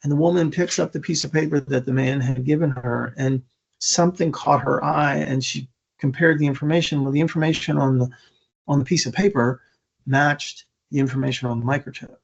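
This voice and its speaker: A man giving an earnest storytelling talk as a speaker, emphatic and with stammering restarts. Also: mid-range voice. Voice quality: gravelly, husky. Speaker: keynote speaker. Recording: dull lo-fi recording.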